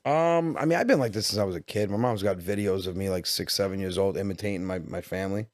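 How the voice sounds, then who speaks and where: A man in his forties with a New York Italian-American accent, a comedian telling stories as a podcast guest, animated and quick, acting out dialogue. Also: deep voice, no room sound, studio quality. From Westchester, New York. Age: 40s. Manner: animated storyteller, quick bursts, acts out dialogue. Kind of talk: casual podcast storytelling.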